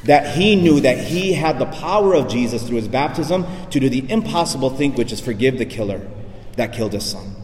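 Priest preaching in an echoey church. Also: male voice, lively intonation, brisk, a little hiss or hum. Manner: emphatic preaching, drops low and soft for weight. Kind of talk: sermon.

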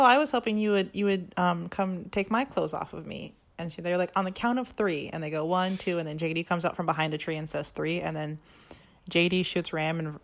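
A woman co-hosting a casual podcast chat, animatedly retelling a story and acting out the quoted lines. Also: lowish voice. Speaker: podcast co-host. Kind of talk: casual chat recapping a musical.

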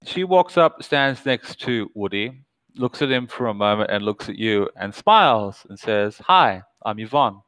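Male game master, low and smooth, dry close sound, measured narration. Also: lively intonation, fairly bright tone, no room sound, poor audio. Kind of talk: narrating a tabletop horror game.

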